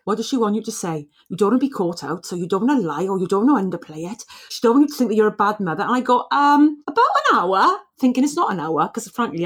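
A British woman co-hosting a podcast, telling chatty, self-mocking stories and acting out the people in them. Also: mid-range voice. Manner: animated, self-mocking storyteller acting out quoted voices. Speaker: podcast co-host.

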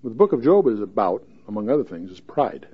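A man's voice: fairly low pitch, sing-song, fast talker, husky, narrow, tinny audio. A man giving a verse-by-verse Bible teaching in a folksy, joking way, reading scripture aloud with rising emphasis.

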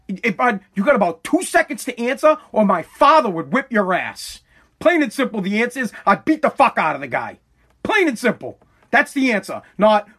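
A man's voice: high-pitched, big pitch swings, moderate pace, fairly bright tone. A man from Massachusetts hosting a podcast, delivering a heated, profane monologue in a fiery, ranting manner. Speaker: podcast host.

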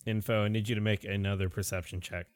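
A man's voice: lowish voice, level tone, fast, no echo. A man narrating as game master in a tabletop role-playing game, casual and descriptive with frequent fillers.

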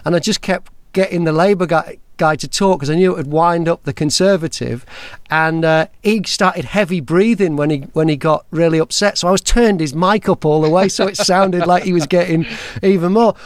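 A chatty, jokey man hosting a podcast, telling stories with a high-pitched voice. The recording is dry and close. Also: moderate pace, dry recording. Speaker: podcast host. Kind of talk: casual chat.

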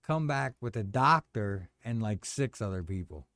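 A middle-aged man telling a personal story in casual chat, animated and acting out the voices of others. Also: on the low side, normal speed, no room sound, studio quality. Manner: animated storyteller, acts out quoted voices, says "man" a lot.

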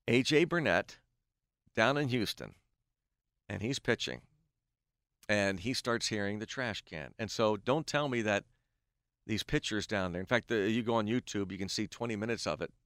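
A man's voice: fairly low pitch, moderate pace, pauses often, dry recording, studio quality. A middle-aged man, a baseball play-by-play announcer, telling a long story on a podcast and acting out the quoted back-and-forth. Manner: animated storyteller who acts out quoted dialogue.

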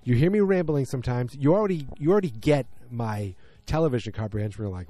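Male podcast host, mellow tone, rambles, self-deprecating asides. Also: mid-range voice, expressive, fast talker, few pauses, no room sound. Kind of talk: casual chat, reading a listener message aloud.

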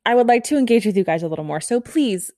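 A woman in her thirties hosting a casual solo podcast, talking fast and bubbly, rambling with lots of "like" and little laughs. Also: medium pitch, expressive, a little mellow, no echo, clean studio sound. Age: 30s. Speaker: podcast host.

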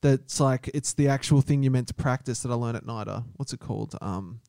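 A man's voice: medium pitch, brisk, vocal fry, a little mellow, smooth, dry recording, clean studio sound. A man co-hosting a podcast, teasing his friend and swearing freely. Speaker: podcast co-host. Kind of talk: casual banter.

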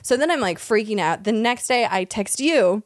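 A young woman with a fairly high voice tells frank stories on a podcast, acting out what people said and laughing as she goes. The sound is dry and close to the mic. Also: animated, normal speed, dry recording. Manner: candid, laughs often, quotes people in dialogue. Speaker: podcast co-host. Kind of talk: casual storytelling chat.

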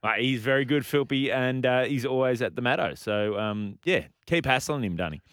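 A man's voice: medium pitch, animated, moderate pace, a bit bright. A man co-hosting a radio show, casually reading out listener texts. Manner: casual, hesitant with fillers. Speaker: radio co-host.

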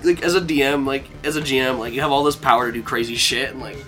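A man narrating a tabletop game as game master, in a loose, rambling style full of fillers. His voice is bright and forward. Faint music runs in the background. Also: medium pitch, steady tone, fast. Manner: casual, rambling, laughs often.

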